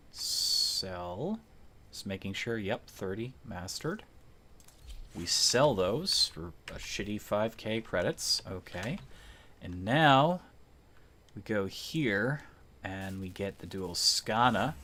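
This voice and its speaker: Swearing, slow-talking male game streamer. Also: on the low side, slight background noise. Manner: swears and rants loudly when frustrated, then mutters. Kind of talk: live game commentary.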